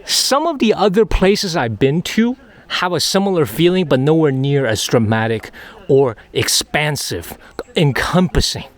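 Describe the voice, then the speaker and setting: A man's voice: on the high side, expressive, measured pace. A man narrating his own travel vlog while hiking up a mountain trail outdoors, chatty and repeating himself, getting winded. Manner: chatty, repeats phrases, thinks aloud. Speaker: travel vlogger.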